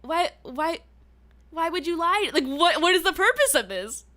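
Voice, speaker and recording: A woman's voice: extremely high pitch, moderate pace. A young woman streamer chatting casually on a livestream, ranting with laughter and frequent swearing. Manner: animated, swearing, laughing rants. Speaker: VTuber streamer.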